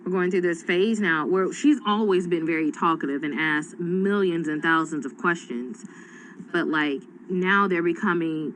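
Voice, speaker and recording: Casting note: animated woman in her thirties, conversational Bible study, faint background hiss. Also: on the low side, moderate pace, rough recording. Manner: animated, acts out voices in retelling. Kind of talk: casual Bible study chat.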